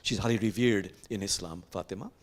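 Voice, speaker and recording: In a sanctuary, an older imam with a Bangladeshi accent and a deep voice leads a reflective sermon. He tells stories gently, pausing and using fillers as he goes.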